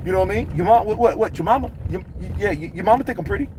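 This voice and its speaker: A man doing an impression of a brash, hot-tempered heavyweight boxer who yells profane taunts and swaggering boasts. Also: high-pitched, lively intonation, rapid-fire, a little hiss or hum. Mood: taunting.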